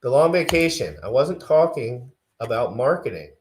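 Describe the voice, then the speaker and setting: A man co-hosting a casual crypto livestream, rambling and self-deprecating, getting excited between tangents. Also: medium pitch, moderate pace, a little hiss or hum. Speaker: livestream co-host.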